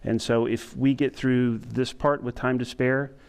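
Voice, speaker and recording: A middle-aged man lectures to a room of emergency responders in a flat, even delivery, stumbling through frequent ums and restarts. His voice is smooth and clean, sitting at an ordinary male pitch. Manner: self-described monotone, halting with frequent fillers. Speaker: emergency physician giving a training lecture. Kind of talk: conference lecture to EMS staff.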